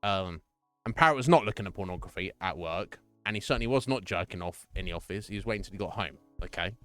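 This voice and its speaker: A man streaming live and chatting casually with viewers, chatty and profane and quick to laugh, from a home setup. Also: low voice, expressive, fairly bright tone, smooth, no echo, faint music behind. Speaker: Twitch streamer.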